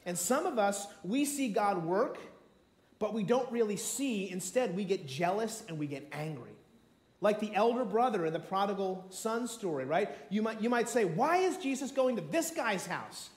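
Guy preaching a sermon, fairly high voice, lively and acts out the story, roomy echo. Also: moderate pace. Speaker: pastor. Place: room with a congregation. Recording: echoey room.

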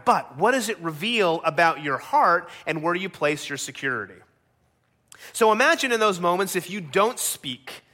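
Bright-voiced man preaching a sermon. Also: sits high. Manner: conversational, rhetorical questions and frequent "right?". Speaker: pastor.

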